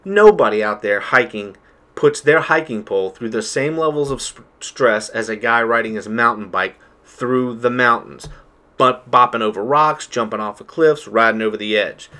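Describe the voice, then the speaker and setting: A man's voice: medium pitch, moderate pace, pushed and bright. A man hosting his own channel, giving an emphatic, worked-up lecture straight to his viewers from indoors at home. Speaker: channel host. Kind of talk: heated monologue to viewers.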